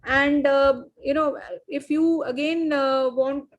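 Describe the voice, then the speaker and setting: A woman surgeon narrating her surgical video at an online conference, explaining each step with frequent pauses and fillers. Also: sits high, steady tone, dull audio.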